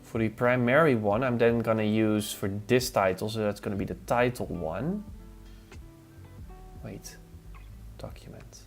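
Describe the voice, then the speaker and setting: With a fairly low pitch and a slightly slow delivery, a man runs a laid-back stream testing design software. He murmurs his thoughts while working and answers viewer questions between tasks; a relaxed playlist fills the background.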